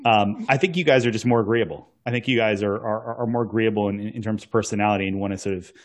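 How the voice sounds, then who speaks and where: A man's voice: lowish voice, steady tone, quick pace. A man from North Carolina co-hosting a casual chat, rambling from one point to the next. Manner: rambling, digressive. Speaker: podcast co-host.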